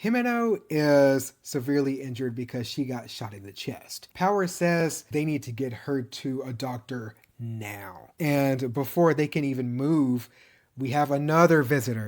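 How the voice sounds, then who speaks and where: A man walks through an anime season in a relaxed, conversational recap. He tells it like a story and breaks into chuckles along the way. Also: mid-range voice. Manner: animated storytelling, chuckles often, mimics characters' lines. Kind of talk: casual anime series recap.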